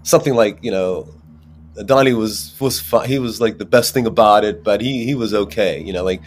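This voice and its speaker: A man with a fairly low voice talks about his acting work in a loose, rambling way. He restarts his sentences often and leans on fillers. His delivery turns animated as he warms up. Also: moderate pace, slight background noise. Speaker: actor guest. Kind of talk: casual interview talk.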